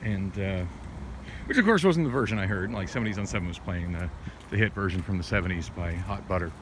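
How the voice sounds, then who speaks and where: A man's voice: low-pitched, a little fast. Man rambling on a windy night walk. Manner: rambling, many restarts and fillers, candid and profane. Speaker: vlogger. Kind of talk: rambling late-night walking vlog. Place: city street at night, outdoors, walking. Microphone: handheld phone. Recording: windy outdoor phone audio.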